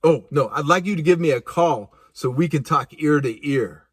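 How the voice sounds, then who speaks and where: A man imitating a rap teacher who leaves a measured, formal answering-machine message. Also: a little high, breathy edge, no room sound, studio quality. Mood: calm.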